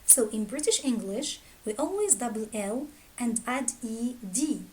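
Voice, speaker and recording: A woman teaching a grammar lesson, reading out word pairs slowly and deliberately. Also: fairly high pitch, animated, darkish tone, low-quality recording. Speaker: English teacher.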